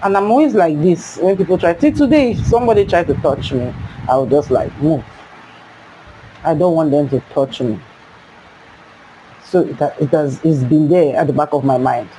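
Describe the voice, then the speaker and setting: A young Nigerian woman telling a personal story in a casual, animated way, jumping up into high cries as she acts out her younger self. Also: normal speed, pauses often, a little hiss or hum, rough recording.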